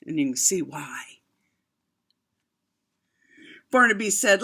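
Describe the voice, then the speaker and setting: Lady reading a kids' picture book, slow and singsong, chatty asides. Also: medium pitch. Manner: expressive, with chatty asides to young listeners. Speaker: storyteller. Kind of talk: children's picture-book read-aloud.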